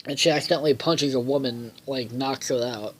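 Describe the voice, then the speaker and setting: A man's voice: medium pitch, steady tone, brisk, rough recording. Rambling man recapping a cartoon episode. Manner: rambling, many fillers, swears freely; loses track and backtracks. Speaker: episode reviewer.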